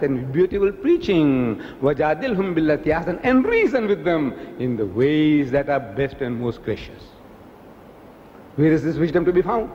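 A man preaching in a public lecture, lively and emphatic, firing rhetorical questions and repeating key words. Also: a little high, long reverb tail, a little hiss or hum, poor audio. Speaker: Islamic preacher and debater.

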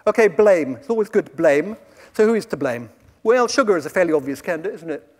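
A British man in his late fifties speaks with a fairly high, lively voice, giving a talk with slides to a live audience. His delivery is wry and conversational, full of quick asides. The sound carries a long hall reverb from the venue. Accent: British English. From Britain.

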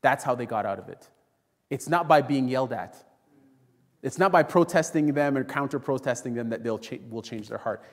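A man delivers a sermon in a church, his mid-pitched voice trailing off into a long reverb that fills the hall. He tells stories with energy and talks straight to his congregation, calling them friends. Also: normal speed. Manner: storytelling, acts out quoted voices, addresses congregation as friends. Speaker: pastor. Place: church sanctuary.

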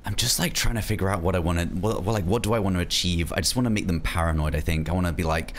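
A man streaming a role-play game, chatting in character and breaking into excited shrieks when startled. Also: deep voice, racing, slight background noise.

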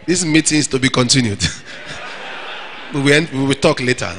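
A man preaching a sermon to young single men, animated and playful, acting out little scenes. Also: mid-range voice, quick pace, long reverb tail, a little hiss or hum. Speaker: pastor.

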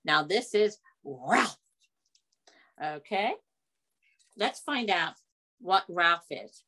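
Lady doing storytime for little kids, slow and bouncy, coaxing questions. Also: on the low side, animated, bright, forceful tone. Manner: sing-song, coaxing, asks children questions. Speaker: children's storytime reader. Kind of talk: reading a picture book aloud to children.

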